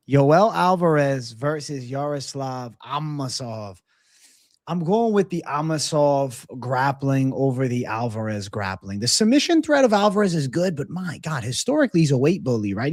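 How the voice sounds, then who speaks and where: A man's voice: fairly high pitch, dry recording, clean studio sound. A man co-hosting a fight betting show, giving blunt predictions in casual, profane chat and reading out odds.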